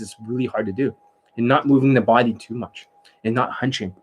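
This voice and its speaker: A man's voice: mid-range voice, breathy edge. Blunt, profane male dating coach. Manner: blunt and profane, keeps checking in with rhetorical questions. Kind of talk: casual instructional talk.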